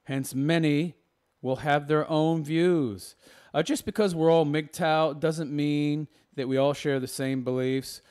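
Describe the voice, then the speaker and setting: A man's voice: fairly high pitch, fairly even intonation, takes it slowly, a little mellow, smooth. A man giving argumentative reaction commentary, lecturing and rebutting a video point by point.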